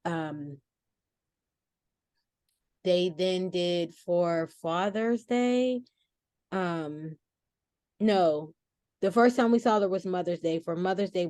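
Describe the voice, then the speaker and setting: A woman in her forties speaking as a podcast guest, telling a family story in a casual, expressive way with frequent restarts and self-corrections. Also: lowish voice, no echo.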